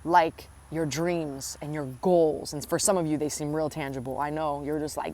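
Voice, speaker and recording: A woman with a fairly low voice speaks straight to her listener in an inspirational spiritual talk. She is earnest and tender, calling the listener endearing names. She drives points home by repeating her phrases. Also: fairly even intonation, normal speed, few pauses, a little mellow. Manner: earnest, affectionate, addresses listener directly. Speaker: spiritual coach.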